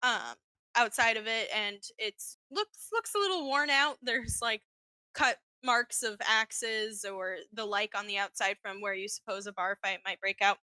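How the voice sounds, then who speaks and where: A woman narrating as game master of a tabletop game, chatty and quick to laugh, with many fillers. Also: medium pitch, sharp tone, dry recording.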